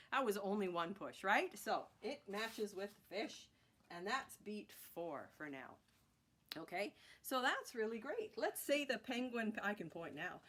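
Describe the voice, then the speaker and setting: A woman's voice: mid-range voice, noisy background. A woman teaching a children's music class, chanting rhythm words and cheering on her young learners. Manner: encouraging, sing-song chanting of rhythm words.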